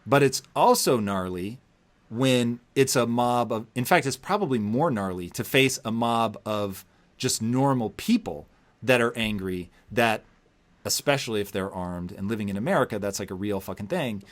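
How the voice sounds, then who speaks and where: A man hosting a podcast interview, telling a story with lively acted-out quotes and plenty of swearing. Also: on the low side, normal speed. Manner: animated storyteller, acts out quotes, heavy swearing. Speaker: podcast host. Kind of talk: casual interview conversation.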